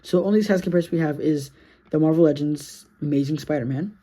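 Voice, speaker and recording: Sleepy toy reviewer, super mellow dark voice, kinda breathy, keeps correcting themselves. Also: medium pitch, fast. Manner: rambling, self-correcting, apologetic. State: sleepy, yawning. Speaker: action figure reviewer.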